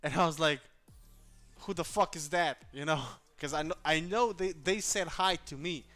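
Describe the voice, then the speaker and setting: A man's voice: a little high, moderate pace, faint music behind. A man telling a story in a casual vlog, venting with slang and heavy swearing. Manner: profane, animated, vents with slang. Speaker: vlogger.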